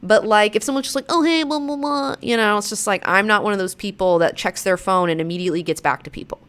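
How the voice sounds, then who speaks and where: A woman in her thirties hosting a show, chatting casually in a rambling, profane way, now and then slipping into mocking high-pitched quotes. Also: steady tone, fast, a bit bright, clean tone. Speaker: show host. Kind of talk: casual chat.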